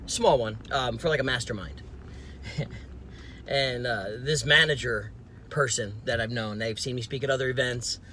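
A man who hosts a podcast and coaches sales, from New Jersey, tells a story in casual talk with a mid-range voice at a moderate pace. He's animated, acting out the other person's lines and laughing as he goes, with slight background noise.

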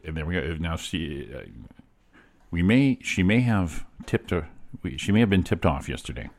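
Male morning show co-host, low voice that swings widely, casual and upbeat. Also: moderate pace. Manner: upbeat, animated, laughs often. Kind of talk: casual chat.

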